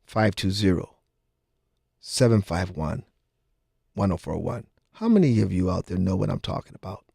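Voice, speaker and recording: An animated man hosts a call-in talk radio show, his voice swinging high and low as he exclaims. He speaks into a studio microphone with a dry, close sound. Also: moderate pace, gravelly, long pauses, slightly rough, no echo. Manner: animated, exclaiming, repeats the phone number.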